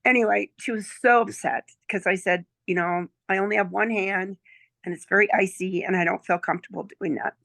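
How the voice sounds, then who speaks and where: Brief: gravelly-voiced woman in her sixties, chatty storyteller, dry close sound. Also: medium pitch, steady tone, a little fast, fairly bright tone, no room sound. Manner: chatty, checks in with "okay?" and "right?". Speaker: client giving a testimonial. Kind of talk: casual storytelling chat.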